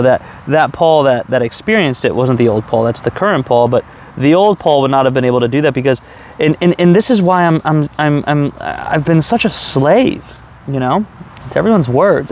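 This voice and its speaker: A man speaks his thoughts aloud outdoors, rambling and reflective, often restarting his sentences. His pitch sits in an ordinary middle range. Faint traffic hums behind him. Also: a little mellow. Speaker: vlogger. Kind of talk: casual personal monologue.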